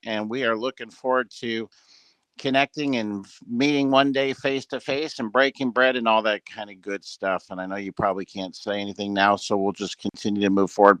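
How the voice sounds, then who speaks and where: Casting: man, lowish voice, motivational team-call speaker, earnest and rambling, bone-dry close sound. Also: fairly bright tone, clear, resonant tone, no room sound. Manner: earnest, rambling with many fillers. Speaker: business leader addressing a team call. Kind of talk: motivational talk on a group call. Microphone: headset with ear monitor.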